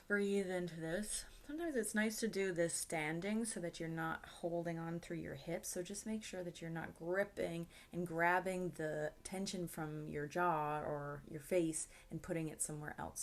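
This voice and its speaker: A woman acting coach guiding a vocal warm-up in a relaxed, encouraging way, with light laughs and sighs. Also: fairly low pitch.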